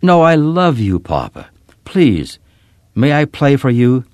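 A man voicing an earnest young girl who pleads with her father, lifting his voice higher for her. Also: very animated, slow pace, no room sound, clean studio sound. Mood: tender. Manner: earnest, pleading, rising to shouts.

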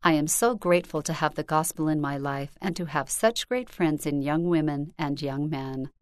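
Female narrator, measured earnest reading of a personal story, dry close recording. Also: low-pitched, no room sound. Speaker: reader.

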